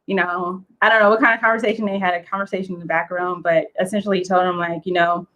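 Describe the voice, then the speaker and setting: A woman, a guest, telling a story in a casual, excitable, chatty way with lots of fillers. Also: lowish voice, fast, rough recording. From United States.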